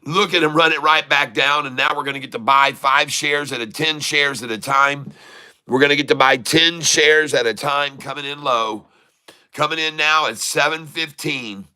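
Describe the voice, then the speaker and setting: A man calls out his live stock trades with showman hype, stretching out his exclamations and rattling off prices again and again. His voice is very bright and forceful, pitched a bit high for a man. He talks from a home trading desk. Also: fairly even intonation, normal speed, smooth. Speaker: day trader streaming live.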